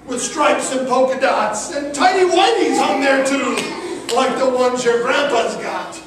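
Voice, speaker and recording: Male kids' storyteller, high voice, slow unhurried reading, joking with the crowd; distant mic in a very echoey auditorium. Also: background noise. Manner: joking, playful banter with the audience. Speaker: children's storyteller and performer. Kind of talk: live rhyming story reading to schoolchildren. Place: large hall or school auditorium. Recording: echoey hall from far off with audience.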